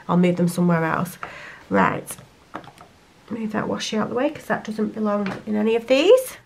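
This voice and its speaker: A young woman chatting casually to camera while she sorts her sticker collection and thinks aloud. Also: mid-range voice. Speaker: planner sticker vlogger.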